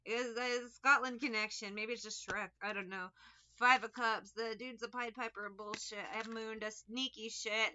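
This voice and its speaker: Bright-voiced, profane woman reading tarot. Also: a little high, steady tone, normal speed, lo-fi sound. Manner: profane, rambling, sarcastic. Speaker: tarot reader.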